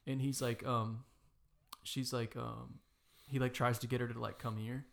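A man in his twenties telling a friend about a movie in casual chat, animated, swearing, full of "like" fillers. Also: medium pitch, measured pace, gravelly. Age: 20s.

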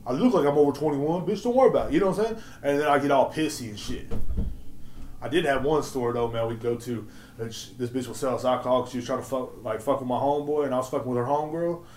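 A man's voice: medium pitch, quick pace, a little mellow, slight background noise. A young man hosting a podcast, ranting in a rambling, profane storytelling way, laughing often and acting out quotes. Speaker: podcast host. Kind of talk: casual solo rant. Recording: echoey room.

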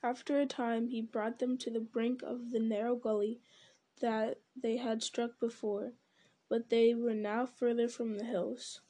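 A woman reading a storybook aloud at a steady, unhurried pace. Her voice is slightly high, with a warm, mellow tone. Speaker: audiobook reader. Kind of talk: storybook narration.

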